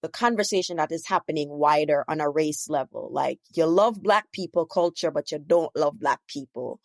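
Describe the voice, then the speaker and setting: A woman's voice: sits low, normal speed, no echo. A woman hosting a podcast, talking in a chatty way with many asides. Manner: chatty, frequent "you know" and "right?". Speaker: podcast host. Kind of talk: casual podcast conversation.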